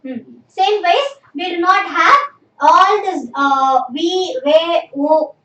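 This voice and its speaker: High-voiced woman teaching, echoey room. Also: lively intonation, slow pace, sharp tone. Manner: patient, repeats "okay" constantly, drills students. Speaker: Japanese language teacher. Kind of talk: live online class. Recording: echoey room, distant mic, faint noise.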